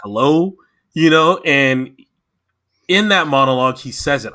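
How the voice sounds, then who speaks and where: A man's voice: medium pitch, normal speed. A man in casual chat on a podcast, talking with passion and getting emotional as he reviews a show. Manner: impassioned, animated. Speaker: podcast guest.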